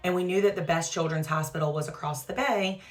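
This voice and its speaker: Low-voiced mother telling a story. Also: fairly even intonation, fast, faint music behind. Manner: emotional retelling, fillers like "like" and "um"; trying a skincare product while talking. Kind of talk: casual storytelling vlog.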